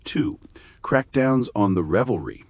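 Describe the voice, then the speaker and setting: A man reading a scripted bedtime history story with wry, gently sarcastic humor. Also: mid-range voice, lively intonation, measured pace, no echo. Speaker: narrator.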